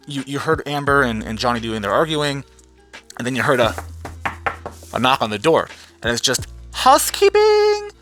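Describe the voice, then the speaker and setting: A man's voice: medium pitch, pushed and bright. Blunt, sweary male vlogger. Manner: blunt, sarcastic, swears freely. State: tired. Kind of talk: casual profane rant.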